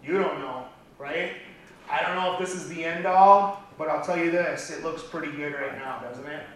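A middle-aged man giving an impassioned motivational speech at a business event, building to near-shouting. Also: fairly high pitch, moderate pace. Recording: echoey hall from far off, faint noise.

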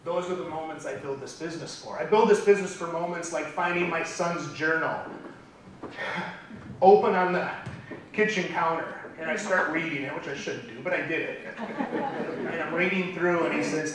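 A middle-aged man giving an impassioned motivational speech at a business event, building to near-shouting. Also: fairly high pitch, moderate pace, a crowd in the background. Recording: echoey hall from far off, faint noise.

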